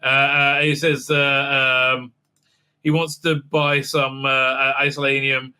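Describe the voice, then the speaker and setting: A man hosting a show recaps a TV episode in a rambling, casual way, halting and full of fillers, with mocking asides and quotes acted out in silly voices. His mid-range voice is flat in delivery, sharp, clear, and resonant.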